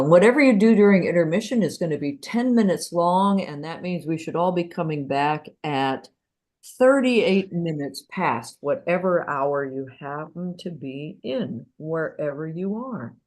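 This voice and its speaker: A woman's voice: deep voice, lively intonation, unhurried, a little mellow. A woman hosting an online show over a video call, chatty and full of ums and uhs. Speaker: host.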